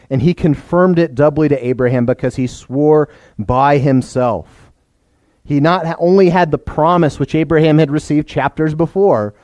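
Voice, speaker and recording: A man's voice: a little high, a little mellow, no room sound. A man preaching a sermon to his church, explaining plainly and putting questions to the children. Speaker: pastor.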